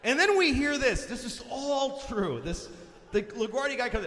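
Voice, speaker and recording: Man, stand-up comedian, high voice, very lively pitch, shouts punchlines, profane, reverberant live venue, faint hiss. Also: normal speed. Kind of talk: stand-up storytelling.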